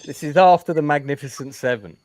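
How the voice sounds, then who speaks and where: A man's voice: a little high, fairly quick, a little mellow, no room sound. A man hosting a casual interview over a video call, chatty and repeating words as he gathers his thoughts. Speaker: interview host.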